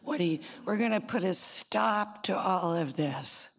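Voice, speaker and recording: A woman's voice: medium pitch, expressive, unhurried. A woman voicing a band of mean, cynical monkeys who threaten and scorn. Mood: scornful.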